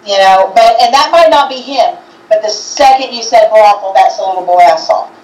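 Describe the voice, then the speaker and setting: A woman co-hosting a casual chat, describing what she senses in a hesitant, halting way with many restarts. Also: mid-range voice, darkish tone, reverberant, distant mic, poor audio. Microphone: video call.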